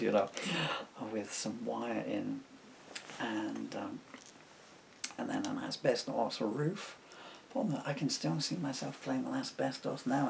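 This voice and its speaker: Older man, gravelly low voice, rambling on-camera reminiscence with faint hiss behind. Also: a little mellow, low-quality recording. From England. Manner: meandering, full of fillers and asides. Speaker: songwriter talking to camera. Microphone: camera mic.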